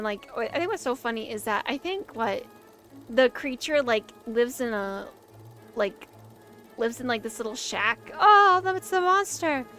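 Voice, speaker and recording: Bright, high-voiced excitable young woman. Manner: rambling and excitable, heavy use of "like". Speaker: streamer reacting to a silent film. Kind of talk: casual reaction commentary.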